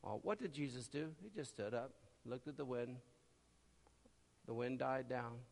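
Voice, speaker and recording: With a gravelly voice and a slightly slow pace, a man delivers a sermon in a big-sounding room. He swings from loud cries to low murmurs and voices the people in his stories.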